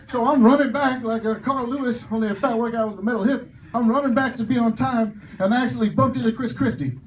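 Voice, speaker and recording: A man's voice: very high voice, fast, a little hiss or hum. Male stand-up comic, self-mocking crowd worker, slightly distant mic. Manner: loud crowd work, self-mocking punchlines. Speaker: stand-up comedian. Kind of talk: stand-up comedy set. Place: comedy club stage.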